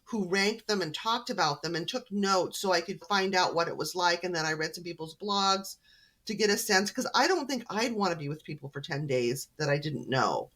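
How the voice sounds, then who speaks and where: A woman's voice: fairly low pitch, expressive, normal speed, fairly bright tone. A woman from Canada, an author guest on a podcast, telling stories in a friendly, chatty way. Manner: friendly, storytelling. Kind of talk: casual interview chat.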